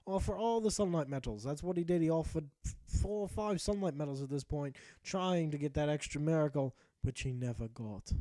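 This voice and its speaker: A man's voice: fairly high pitch, normal speed, dark tone, no echo. A man narrating his video game playthrough as a jokey, profane mock-epic tale. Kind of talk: comedic game commentary told as a tale.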